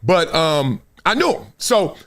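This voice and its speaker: A man's voice: a little high, very animated, slow pace, fairly bright tone. A middle-aged man with a Los Angeles accent, hosting his show and telling a long story in casual chat, acting out the scenes with slang. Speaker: host.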